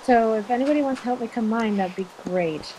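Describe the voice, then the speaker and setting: A woman's voice: a little high, fairly quick. Female let's play co-host, casual teasing banter, faint hiss. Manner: teasing, swears when annoyed. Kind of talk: casual gaming chat.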